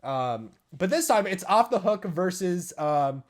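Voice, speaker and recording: A young man co-hosting a casual podcast, retelling things in an excitable, animated way with lots of fillers. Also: high-pitched, measured pace. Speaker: podcast co-host. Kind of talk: casual chat.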